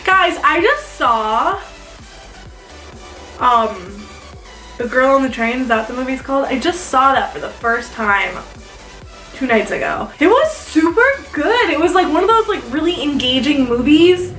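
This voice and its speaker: A woman's voice: sits high, sing-song, unhurried, fairly bright tone, recorded from a distance. A young woman from South Dakota chatting casually while doing her makeup, rambling with lots of "like" fillers. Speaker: beauty vlogger. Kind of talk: casual get-ready-with-me chat. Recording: echoey room, a bit off-mic, faint music.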